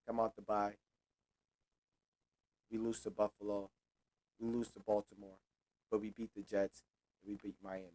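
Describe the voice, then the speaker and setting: A man's voice: fairly low pitch, level tone, normal speed, long pauses, a little mellow, no echo. Loose trash-talking young man. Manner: loose, repetitive, trash-talking, swears freely. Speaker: sports show host. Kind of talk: casual solo sports predictions.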